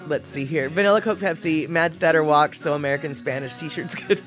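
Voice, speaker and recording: A woman's voice: sits low, brisk, over music. A woman livestreaming, rambling casually and greeting viewers in the chat.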